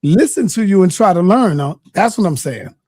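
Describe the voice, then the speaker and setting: A man's voice: high voice, big pitch swings, moderate pace, a little mellow, slightly rough, no room sound, studio quality. A man moderating a streamed debate, pressing a guest with pointed questions.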